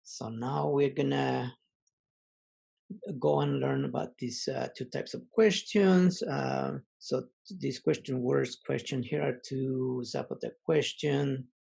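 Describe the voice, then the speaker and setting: A man teaching an online language lesson, reading word lists aloud slowly and pausing often with fillers. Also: mid-range voice, creaky, a little mellow, husky, poor audio.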